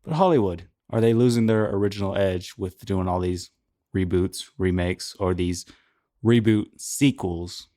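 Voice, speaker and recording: Low-voiced man steering a podcast chat. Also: mellow, dry recording, studio quality. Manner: steers the talk back on topic, unhurried. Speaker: podcast co-host. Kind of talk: casual chat.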